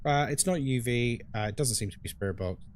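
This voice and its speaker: A man's voice: mid-range voice, fairly quick, a little hiss or hum. A young man streaming a ghost-hunting game live, chatting casually with his chat while he plays and reacting to what happens in the game.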